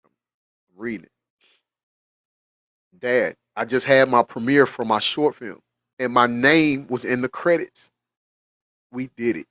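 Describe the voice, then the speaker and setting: A middle-aged man hosts a casual livestream, speaking earnestly and repeating his words for emphasis. His voice sits at an ordinary pitch and keeps choking with emotion. The sound is close and dry, with no room echo. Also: fairly bright tone. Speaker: livestream host.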